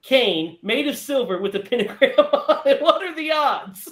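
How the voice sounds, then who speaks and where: A man chatting casually about an old movie, animated and quick to laugh as he recaps the plot. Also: extremely high pitch, echoey room.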